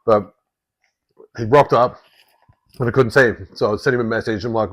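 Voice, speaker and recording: A man with an Australian accent, a podcast host chatting casually and telling an animated story with plenty of swearing. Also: lowish voice, a little fast, pauses often, rough recording. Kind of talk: casual chat.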